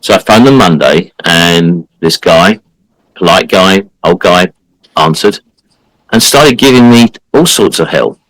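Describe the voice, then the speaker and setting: A low-voiced man tells a story on a casual podcast, his pitch swinging widely as he acts out the people he quotes. He keeps his points emphatic, and the sound is dry and close. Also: expressive, measured pace, fairly bright tone, dry recording, poor audio. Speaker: podcast co-host.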